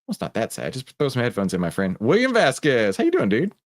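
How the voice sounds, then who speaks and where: A livestream host with a Texan accent chats casually and jokes while greeting viewers by name, keeping things laid-back. His mid-range voice swings hugely in pitch, and he talks fast.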